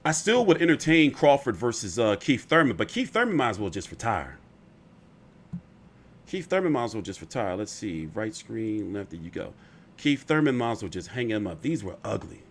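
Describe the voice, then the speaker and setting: A man's voice: fairly low pitch, very animated, moderate pace. A man hosting casual boxing commentary, rambling and opinionated, often profane.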